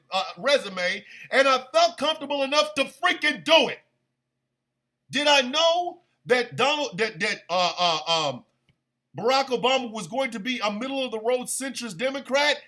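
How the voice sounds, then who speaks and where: A man's voice: extremely high pitch, expressive, normal speed, bright, forceful tone. A man hosting a stream radio show, delivering a heated, profane and sarcastic political rant.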